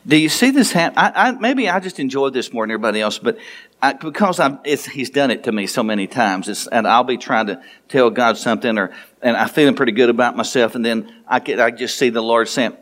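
Fairly quick and a bit bright, with lively intonation, this man is a pastor delivering a sermon. He tells a story playfully, tossing in asides and performing the dialogue as his pitch climbs.

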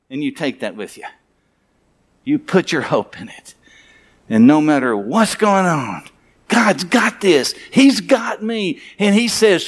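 A man's voice: on the high side, lively intonation, measured pace. A male pastor preaching a sermon and closing in prayer, fervent and emphatic, repeating phrases and asking rhetorical questions.

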